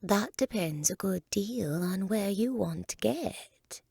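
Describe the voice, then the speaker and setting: A woman voicing a grinning, riddling cat in a slow, drawn-out, half-whispered manner. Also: mid-range voice, animated, vocal fry, darkish tone, husky, dry recording, studio quality, pitched above the performer's own voice, full character voice. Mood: drawling.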